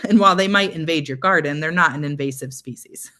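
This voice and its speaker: A young adult woman, a literacy coach giving a webinar presentation to teachers, explaining steps patiently and clearly with frequent ums. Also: sits low, brisk, pushed and bright.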